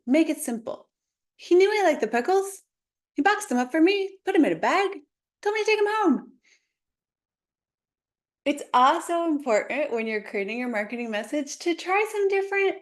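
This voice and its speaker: A young adult woman, a marketing coach, telling a story in a casual, animated way with lots of "like" fillers. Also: high-pitched. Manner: chatty, animated, many "like" fillers. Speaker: podcast host, marketing coach.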